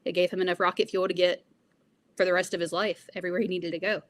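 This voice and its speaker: A woman's voice: on the low side, level tone, fast. A young woman being interviewed, answering in an earnest, reflective way with frequent fillers. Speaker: interview guest.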